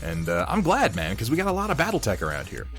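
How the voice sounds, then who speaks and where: A man's voice: medium pitch, wildly swooping pitch, fast talker, a bit bright, faint music behind. A man chatting casually on a live stream while painting miniatures, rambling, reading viewers' messages aloud and swearing offhandedly.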